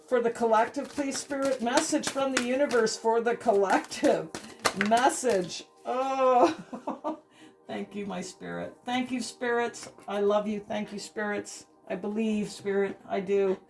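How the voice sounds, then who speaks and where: A woman tarot reader speaks slowly and heartfelt, with a fairly high voice. She repeats herself and keeps checking in with "okay". Soft music plays faintly behind her. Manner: emotional, repeats words and says "okay" often. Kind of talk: spiritual tarot reading.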